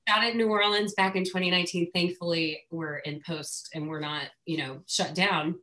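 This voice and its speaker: A woman's voice: lowish voice, steady tone, normal speed, pushed and bright, rough recording. A woman, an actor and filmmaker, calling in from home to ask a question, chatty and a bit rambling. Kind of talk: asking a question on a video call. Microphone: video call from home.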